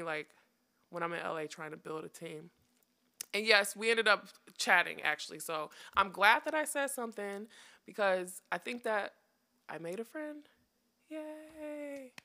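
Chatty young woman, bright gravelly voice. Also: medium pitch. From United States. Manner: chatty, laughing, wry storytelling. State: tired. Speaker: podcast host. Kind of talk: casual chat.

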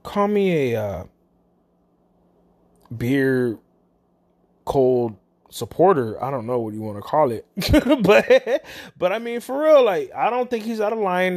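A vlogger and parent casually retelling a run-in at a store, swinging between low mutters and sudden exclaims. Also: sing-song, moderate pace. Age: adult, parent. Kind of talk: casual storytelling.

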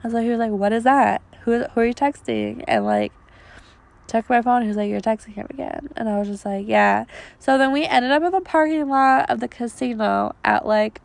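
A woman, co-hosting a podcast, telling a long personal story in a raspy voice with many fillers while losing her voice. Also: fairly high pitch, lively intonation, normal speed. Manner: rambling, filler-heavy storytelling. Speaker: podcast co-host. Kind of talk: casual storytelling chat.

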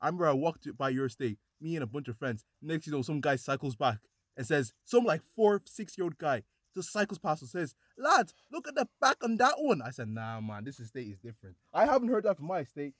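A man's voice: a little high, animated, fast talker, few pauses, no room sound. A young man co-hosting a casual podcast, defending himself with filler and laughing things off. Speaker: podcast co-host. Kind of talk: casual banter among friends.

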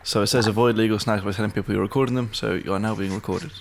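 A man's voice: fairly low pitch, fairly even intonation, very fast, a little hiss or hum. A young man hosting a podcast, making jokey asides in casual chat. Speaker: podcast host.

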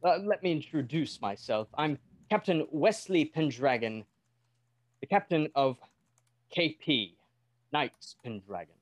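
A man's voice: on the high side, expressive, measured pace, no echo. A man playing a formal military captain who briefs his recruits in a stiff, polite way. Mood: briefing. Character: brisk male military captain, formal and commanding.

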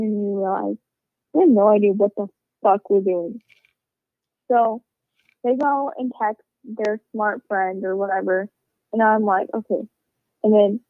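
A woman with a medium-pitched voice tells a rambling, casual story, swearing a lot and filling it with "like" and "you know." The recording sounds tinny and phone-like, dry with no echo.

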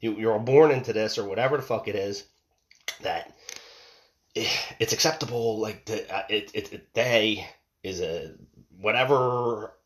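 A man's voice: on the low side, measured pace. A man in his forties giving a casual monologue, rambling and emphatic, swearing and repeating himself as he tells a story about his family. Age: 40s. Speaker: father telling a story.

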